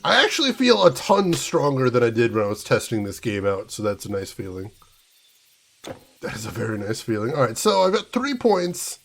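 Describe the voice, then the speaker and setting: Gravelly, animated American streamer guy. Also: mid-range voice, normal speed, a little hiss or hum. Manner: animated, playful mock-ranting at chat. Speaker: gaming streamer. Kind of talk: casual gameplay commentary.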